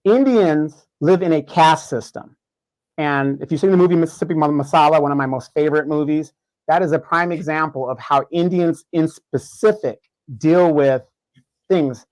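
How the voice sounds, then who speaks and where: A man's voice: a little high, normal speed, darkish tone, no echo, poor audio. A man co-hosting a live show, giving his opinion in a casual way, repeating words as he builds his argument, with features. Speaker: co-host.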